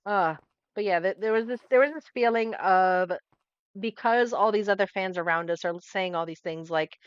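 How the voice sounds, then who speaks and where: A woman's voice: medium pitch, moderate pace, smooth, dry recording, dull audio. A young woman talking casually while she plays a game, rambling, getting distracted and restarting her thoughts. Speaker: gaming streamer. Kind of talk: casual commentary while playing.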